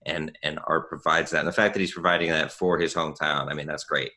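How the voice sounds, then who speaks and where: A very low man's voice with a bright, forceful edge, talking thoughtfully and pausing on "um"s as he hosts a casual chat. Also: little pitch movement. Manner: thoughtful, hesitant, with "um" and "you know". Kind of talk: casual conversation.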